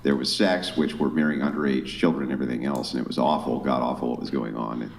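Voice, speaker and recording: A man's voice: a bass voice, fairly even intonation, fast, vocal fry. A man arguing bluntly and combatively in a heated panel debate. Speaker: debate guest.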